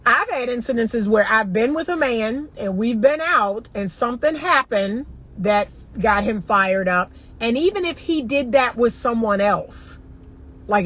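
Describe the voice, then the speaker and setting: A woman's voice: fairly high pitch, fairly bright tone, slightly rough. A middle-aged woman from the northern US, a dating coach chatting emphatically and directly to her viewers. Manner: emphatic, talks straight to viewers as y'all. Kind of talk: casual livestream chat.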